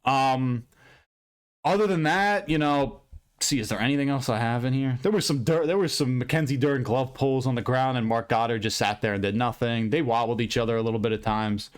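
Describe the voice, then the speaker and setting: A man hosting an MMA recap channel, ranting loudly and profanely in an unscripted, rambling way. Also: mid-range voice, a little fast, clear, resonant tone. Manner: loud, profane, heated and emphatic; rambling with frequent restarts and fillers. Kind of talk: unscripted fight recap rant.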